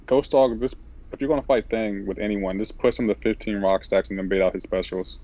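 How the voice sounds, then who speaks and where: A man guesting on a game stream, giving blunt advice with quick restarts. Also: fairly low pitch, steady tone, mellow, lo-fi sound. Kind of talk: casual gaming chat.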